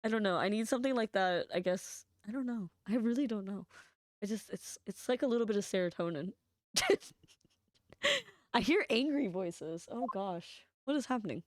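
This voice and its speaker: A woman's voice: medium pitch, big pitch swings, normal speed, no room sound, studio quality. Giggly chatty woman streamer. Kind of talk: casual chat while playing a video game. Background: game music.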